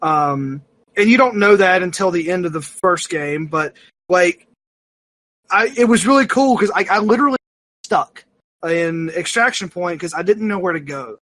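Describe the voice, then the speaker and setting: Podcast co-host, man, high-pitched and bright, rambling and animated with lots of fillers. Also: moderate pace, dry recording. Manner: rambling, full of fillers and restarts; animated, self-mocking storyteller. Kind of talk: casual chat.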